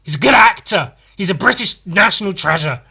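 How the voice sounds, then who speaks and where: A man's voice: high-pitched, lively intonation, a little fast, gravelly, bright, forceful tone, slight background noise. A man hosting a solo comedy podcast, rambling and meandering, often stumbling and repeating words as he goes. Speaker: podcast host.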